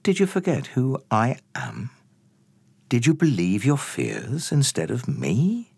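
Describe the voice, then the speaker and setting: A man voicing a calm, kind teacher figure in a children's Bible story, asking gentle questions. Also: mid-range voice, takes it slowly, vocal fry, husky, no echo, heavily acted.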